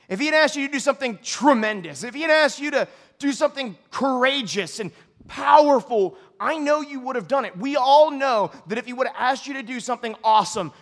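A male pastor delivering an earnest, confessional sermon to a church congregation, moving from quiet reflection to loud outbursts. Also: extremely high pitch.

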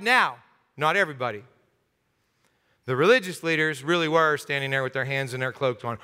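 High-voiced animated American pastor. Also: male voice, normal speed, clear, resonant tone. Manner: animated, acts out crowd voices, jokes with congregation. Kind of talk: lively interactive sermon. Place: church sanctuary. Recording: long hall reverb.

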